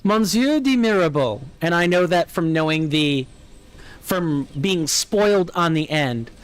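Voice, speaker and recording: An unhurried American streamer with a General American accent and a clear, resonant voice on the high side chats with viewers during gameplay, reading and answering chat out loud as he muses.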